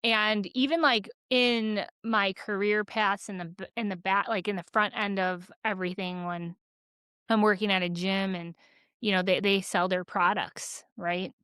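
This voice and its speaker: A woman's voice: medium pitch, a little slow, clear, resonant tone, dry recording. A woman co-hosting a podcast in casual chat, telling stories animatedly with lots of "like". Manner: animated, chatty storytelling full of "like". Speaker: podcast co-host.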